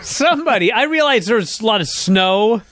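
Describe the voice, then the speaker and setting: A man with a high, lively voice, ranting and swearing his way through a casual chat. His tone swings up and down as he complains. The sound is close and dry. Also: moderate pace, dry recording. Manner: profane, exasperated ranting. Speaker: podcast co-host.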